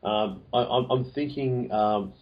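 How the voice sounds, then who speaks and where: A man's voice: medium pitch, slow. A man co-hosting a casual chat, hesitant and full of ums, with jokey asides. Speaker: podcast co-host. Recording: dull lo-fi sound.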